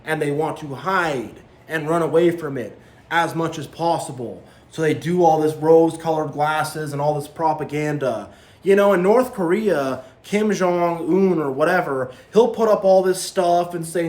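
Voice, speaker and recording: A man's voice: a little high, a little slow, darkish tone, roomy sound. A man giving a preachy, repetitive monologue as a spiritual vlogger, warning listeners and mocking others in quoted voices. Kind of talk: impassioned monologue to camera.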